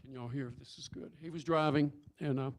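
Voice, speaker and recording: A man's voice: medium pitch, fairly even intonation, a little fast, slight background noise. A man telling a story in a church sermon, folksy, with many restarts and fillers. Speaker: speaker at church service. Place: church sanctuary.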